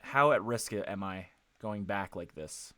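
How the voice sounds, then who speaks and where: A man's voice: lowish voice, unhurried, sharp tone, clear, resonant tone, dry recording. A man streaming a video game, chatting casually with viewers, rambling with plenty of fillers and restarts. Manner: rambling, self-correcting, lots of fillers. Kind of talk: casual gameplay commentary. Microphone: headset.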